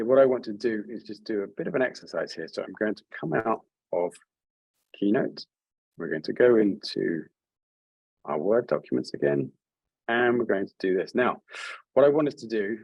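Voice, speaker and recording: A man's voice: on the low side, a little mellow, slightly rough, no room sound, muffled recording. A man leading an online writing workshop over a video call, speaking in a friendly, encouraging way with frequent restarts. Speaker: workshop leader.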